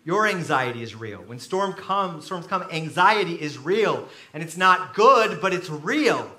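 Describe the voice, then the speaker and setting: A man preaching a sermon as pastor, telling stories with animated, sudden loud bursts. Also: a little high, a little slow, reverberant. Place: church.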